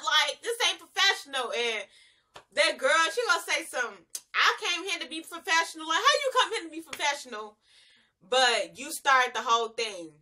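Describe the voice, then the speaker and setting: A woman's voice: on the high side, sharp tone. A young woman, reviewing a reality show in casual, slangy chat and laughing often.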